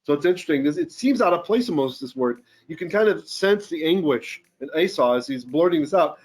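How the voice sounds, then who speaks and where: Rabbi teaching Torah, slightly high voice. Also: male voice, expressive, fairly quick. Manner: reads Hebrew aloud, then translates and explains, thinking out loud. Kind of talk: Bible study lesson.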